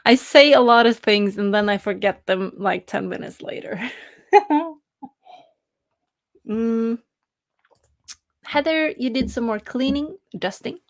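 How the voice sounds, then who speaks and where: A woman's voice: medium pitch, no echo, studio quality. A young woman from Norway chatting casually on a live stream, reading chat messages aloud and laughing often between hesitant fillers.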